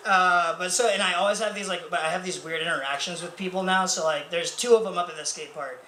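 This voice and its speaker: A man's voice: high voice, fairly even intonation, fast talker, few pauses. A young man performing a stand-up comedy set, rambling and self-mocking with lots of fillers. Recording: echoey club room with faint noise.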